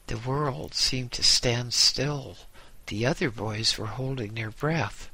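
A man's voice: medium pitch, bright, forceful tone, breathy edge, dry recording. A man narrating a story in the first person and voicing its characters' lines. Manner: measured storytelling with voiced dialogue. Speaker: audiobook narrator. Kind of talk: scripted narration.

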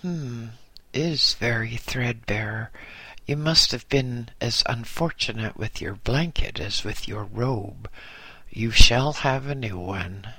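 A man's voice: mid-range voice, takes it slowly, bright, forceful tone, husky, no echo, full character voice. A man voicing an irritable older male monk in charge of the young acolytes, bawling and scolding one moment and falsely kind the next. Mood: oily.

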